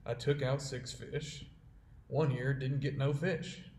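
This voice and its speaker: A man reading the part of Bill, a worried frontier sled driver who speaks in rough dialect and insists gravely on what he saw. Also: medium pitch, steady tone, slow, a little mellow, close to an everyday voice. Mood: uneasy. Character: weary frontiersman Bill, uneasy trail man. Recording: roomy echo.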